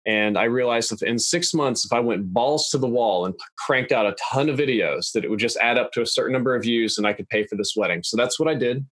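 A young adult man talking in a measured, analytical, plain-spoken way as a podcast guest. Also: mid-range voice, fairly bright tone, no room sound. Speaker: guest YouTuber. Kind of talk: casual podcast interview. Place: podcast studio.

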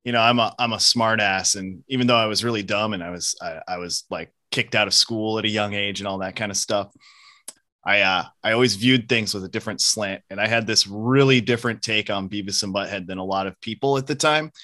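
A man in his forties in a casual podcast chat, talking in an animated way, swearing freely and laughing at his own jokes. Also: on the low side, a little fast, dry recording. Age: 40s. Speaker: podcast co-host or guest.

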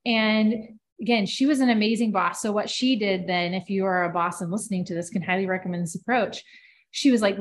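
A woman co-hosting a podcast, telling a personal work story in a casual, lively way with many filler words. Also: mid-range voice, brisk, a little hiss or hum. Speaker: podcast co-host.

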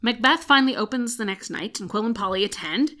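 A woman with a bright, sharp voice walks through a book's plot for her co-host. She talks in a casual, chatty way and fills gaps with "um" as she goes. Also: a little high, quick pace. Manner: retells plot at length with frequent "um" fillers. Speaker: podcast co-host. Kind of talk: casual book recap chat.

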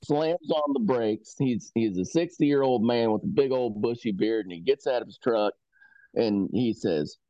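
A man co-hosting a hunting podcast, telling stories in a laid-back, drawn-out way. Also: medium pitch, mellow, no room sound. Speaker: podcast co-host. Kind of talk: casual storytelling chat. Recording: dry, slightly dull audio.

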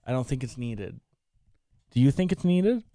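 A man's voice: mid-range voice, big pitch swings, normal speed, mellow, no echo, studio quality. A man co-hosting a casual wrestling podcast, earnest, repeating words as he gets going. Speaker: podcast co-host.

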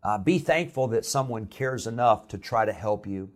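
Pastor preaching in a conversational tone. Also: male voice, on the low side, expressive, normal speed. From Illinois. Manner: conversational storytelling with frequent "uh" fillers. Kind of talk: sermon.

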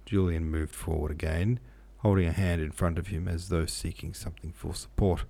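Deep gravelly male novel reader. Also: steady tone, mellow. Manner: measured, occasionally self-correcting. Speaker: audiobook narrator. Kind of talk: reading a classic novel aloud.

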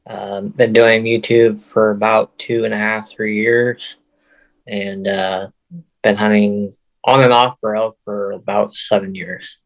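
A man's voice: on the low side, little pitch movement, slow pace, vocal fry, rough recording. A man talking as a guest on a casual podcast, plain and hesitant with many fillers. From Oregon.

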